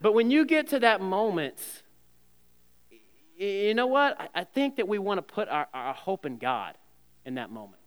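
A man in his thirties preaches a sermon, earnest and stumbling over repeated words. His voice is smooth, resonant and a little high. It rings with the long reverb of a church sanctuary. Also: animated, normal speed. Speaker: pastor.

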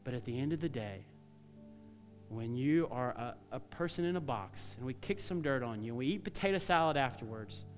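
A male pastor preaching a sermon, telling stories in a conversational way and dropping to soft, earnest tones. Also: mid-range voice, expressive, moderate pace, big-room sound, faint music behind. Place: church sanctuary.

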